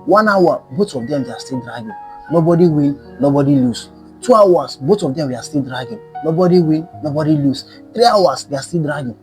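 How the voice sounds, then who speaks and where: A man telling a folktale in an animated, emphatic way, repeating phrases for effect. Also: a little high, normal speed, soft background music. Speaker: storyteller. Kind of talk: folktale storytelling.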